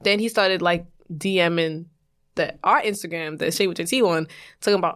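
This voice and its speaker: A young woman co-hosting a podcast, ranting in animated, profane casual chat and quoting people. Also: on the low side, normal speed. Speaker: podcast co-host.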